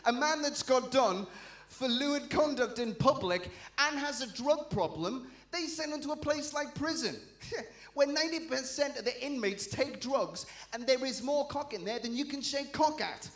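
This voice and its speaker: Geordie bloke doing bawdy standup, highish voice, echoey club stage mic. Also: male voice, fairly bright tone. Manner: brash, bawdy, quick punchlines. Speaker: stand-up comedian. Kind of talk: stand-up routine. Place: comedy showcase stage. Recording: echoey venue.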